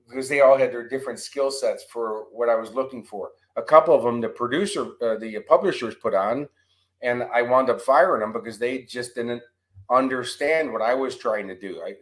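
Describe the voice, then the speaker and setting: A man on a podcast as a guest coach and author, telling lively stories and acting out the exchanges he quotes. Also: mid-range voice, normal speed, rough recording. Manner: animated storyteller, acts out quoted exchanges. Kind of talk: storytelling podcast interview. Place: abroad in Australia, remote interview.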